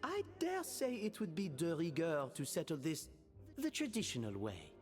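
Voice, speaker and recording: Brief: flamboyant French gentleman, courtly and flowery, lively melody. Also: a little high, normal speed, big-room sound, soft background music. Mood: grandiose. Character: theatrical French gentleman host, courtly and grand.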